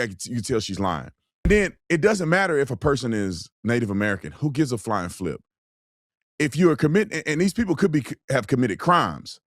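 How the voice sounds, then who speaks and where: A man's voice: mid-range voice, no echo, studio quality. Blunt, mocking male commentator. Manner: slangy, colloquial speech. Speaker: commentator reacting to video clips. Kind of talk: opinionated commentary.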